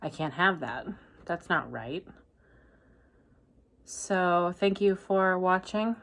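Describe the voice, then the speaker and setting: A woman book vlogger talking casually to camera, deadpan and exasperated as she rants. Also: fairly low pitch, slow. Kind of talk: casual reading vlog.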